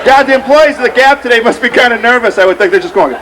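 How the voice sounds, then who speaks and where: A man's voice: very high voice, expressive, fast talker, fairly bright tone. A man in his thirties doing a rambling, self-mocking stand-up set and emceeing from an outdoor stage. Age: 30s. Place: outdoor street fair stage. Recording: noisy outdoor crowd recording. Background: crowd noise.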